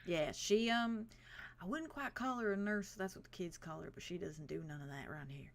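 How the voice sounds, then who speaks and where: A woman's voice: lowish voice, moderate pace, natural voice. A woman voicing a friendly male android hospital caretaker with a put-on Southern accent, polite and hospitable in a tabletop game. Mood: chatty.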